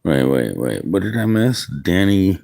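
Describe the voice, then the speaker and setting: A man's voice: sits low, big pitch swings, measured pace, vocal fry, warm tone. A man streaming outdoors in the wind, musing aloud in rambling casual chat with viewers. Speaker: livestreamer.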